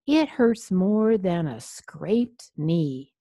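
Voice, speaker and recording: A man's voice: sits high, very animated, drawn-out words, dark tone, dry recording, clean studio sound, full character voice. A woman voicing a frightened, whiny male vampire with a sore fang, crying out dramatically in a storybook reading. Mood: pained. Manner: shrieky, dramatic.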